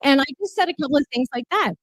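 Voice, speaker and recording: High-voiced woman telling a story. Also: animated, racing, no echo, low-quality recording. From Canada. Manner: emphatic, repeats key lines. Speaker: city councillor speaking at a political gala. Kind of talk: animated personal storytelling speech.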